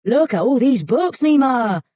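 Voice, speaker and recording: A woman voicing a brash, reckless young man who is boastful, eager and loud, in an audiobook. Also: very high-pitched, big pitch swings, a little slow, pitched above the performer's own voice, exaggerated voice. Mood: gleeful.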